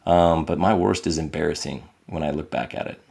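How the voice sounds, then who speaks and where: A man's voice: very deep voice, fairly even intonation, fairly quick, vocal fry, a little mellow, husky. A middle-aged man, a podcast guest, telling candid, reflective stories about his parenting and acting out quotes in a raised voice. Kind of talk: candid conversational storytelling.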